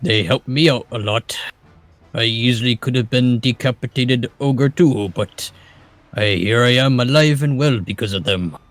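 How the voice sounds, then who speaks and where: A man's voice: mid-range voice, unhurried, dry recording, natural voice. A man playing a proud, blunt male ogre captain in a tabletop game, answering in plain, simple words.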